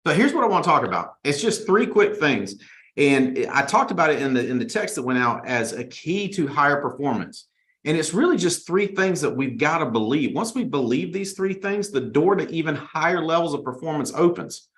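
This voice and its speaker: A man hosting a weekly motivational talk to his sales team, energetic and fond of mocking complainers in whiny voices. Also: fairly high pitch, reverberant. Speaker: host and sales team leader. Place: studio.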